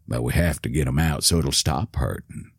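A man voicing a gentle, soothing old man. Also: very deep voice, husky, no echo, clean studio sound, voice pushed down, full character voice. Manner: soft, slow, soothing. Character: gentle elderly man comforting a hurt toddler.

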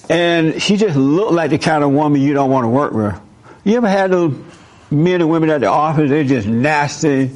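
A man hosting a live talk, delivering a preachy monologue and asking the room questions. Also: on the high side. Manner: animated, asks the audience questions. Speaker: host speaking to a live audience.

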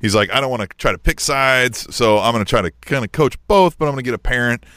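A man's voice: mid-range voice, fast talker, no echo, studio quality. A middle-aged man co-hosting a podcast, telling a story in casual chat and tagging "right?" onto his sentences. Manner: animated storytelling, keeps asking "right?". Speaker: podcast co-host.

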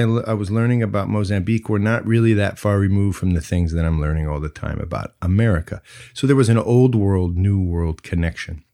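A man's voice: lowish voice, a little mellow. A man hosting a solo podcast, talking in a playful, reflective way that moves between jokes and musing. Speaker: podcast host.

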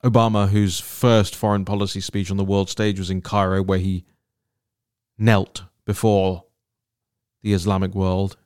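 Low-ish guy doing a solo political podcast, fired up and emphatic, dry close sound. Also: level tone, measured pace, a little mellow, clean tone, no room sound. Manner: indignant, emphatic, repeats words for stress. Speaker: political commentary host.

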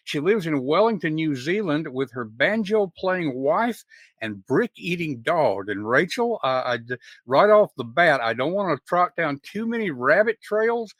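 A man's voice: on the high side, very animated, measured pace, a bit bright, dry recording, clean studio sound. A middle-aged man with a Southern US accent hosting a podcast interview in a folksy, chatty way, often restarting his sentences. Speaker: podcast host. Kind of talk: casual interview chat.

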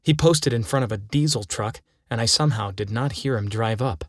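A man's voice: medium pitch, fairly quick, few pauses, no echo, clean studio sound. A man narrating his own first-person story, reading it aloud dramatically. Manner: dramatic storytelling with acted quotes.

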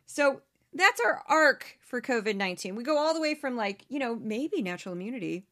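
A woman hosting a political commentary podcast, talking in a sarcastic, animated way and mocking the people she quotes. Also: on the high side, fairly quick. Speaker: podcast host. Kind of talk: opinionated commentary.

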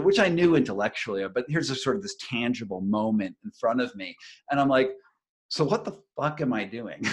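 A man's voice: medium pitch, fairly bright tone. A middle-aged man, a journalist and author, telling a story in a casual interview, rambling with many fillers and restarts.

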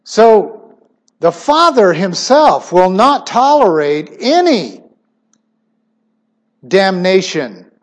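Slow, high-voiced emphatic male preacher. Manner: emphatic, with sudden swings in pitch and loudness. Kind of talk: sermon.

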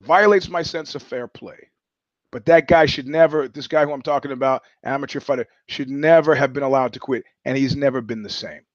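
A man hosts his podcast in a blunt, profane, rambling monologue full of restarts. His voice sits a little high for a man. The recording is dry and dull, with a lo-fi sound. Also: dry recording. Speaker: podcast host. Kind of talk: casual monologue.

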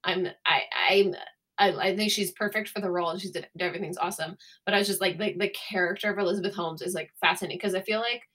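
A woman's voice: medium pitch, fairly even intonation, fast talker, a bit bright. A woman co-hosting a podcast, telling rambling, chatty stories in casual conversation. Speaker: podcast co-host. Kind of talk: casual chat.

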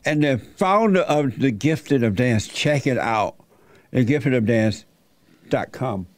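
A man's voice: mid-range voice, expressive, slow, dry recording. A man hosting a talk show, speaking in a blunt, mocking, teasing way during provocative studio chat.

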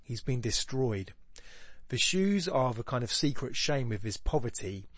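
A man's voice: medium pitch, very animated, a little slow, fairly bright tone, no echo. A man hosting a podcast, thinking aloud in a rambling, reflective way with frequent restarts. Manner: thoughtful, rambling, with many restarts. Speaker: podcast host. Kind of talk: casual reflective monologue.

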